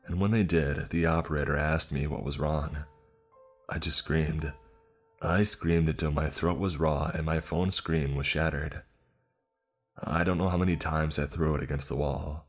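Man, extremely deep voice, scripted horror narration, grim and steady, faint music behind. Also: moderate pace.

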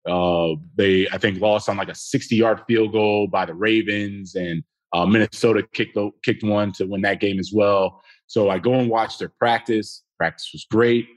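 A man, a former football player, telling a game story as a podcast guest in a blunt, emphatic and animated way. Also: fairly low pitch, normal speed. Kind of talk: casual sports talk.

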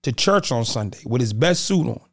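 Animated man telling stories. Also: medium pitch, a little fast, vocal fry. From Boston area. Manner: animated, acts out quotes of others. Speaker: podcast guest. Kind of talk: casual conversation, storytelling.

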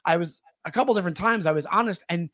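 A man's voice: high voice, fast talker, a bit bright, no echo, clean studio sound. A man in casual conversation, chatty and full of advice, acting out little quoted lines as he talks. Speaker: podcast co-host. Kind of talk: casual chat.

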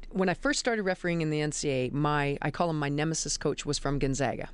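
A middle-aged woman, a college basketball referee, telling lively stories in an interview. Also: deep voice, clear, resonant tone. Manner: animated, emphatic storyteller. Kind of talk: interview storytelling.

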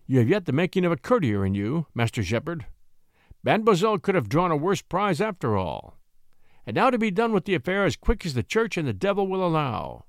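A man's voice: on the high side, very animated, a little fast, dry recording. A haughty, venomous old-world marquis barks orders and sneers at everyone around him, as a male narrator puts him on. His voice swoops wildly up and down, with a dry, close sound. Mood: commanding. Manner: sneering, commanding. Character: arrogant cruel French noble marquis, sneering.

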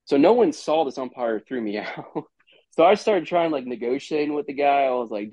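A mid-range male voice moves at a fairly quick clip in this casual podcast storytelling from a former college baseball player. He rambles animatedly and performs the quoted lines. The recording is dry and has a dull lo-fi quality.

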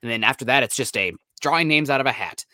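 A man's voice: medium pitch, expressive, fast talker, sharp tone, dry recording, clean studio sound. A man co-hosting a casual sports podcast, talking in a rambling, upbeat way with plenty of fillers. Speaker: podcast co-host.

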